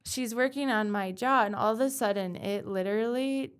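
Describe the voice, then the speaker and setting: A woman guest on a podcast who talks about bodywork in an earnest, animated way, full of "like" fillers. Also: on the high side, normal speed, clear, resonant tone. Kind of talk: casual conversational podcast.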